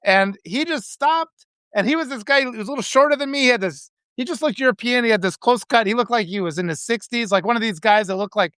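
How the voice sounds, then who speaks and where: A man's voice: extremely high pitch, fast, a bit bright, clean tone, no echo, studio quality. A man hosting a casual live video chat, telling stories in an emotional, rambling way. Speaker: host.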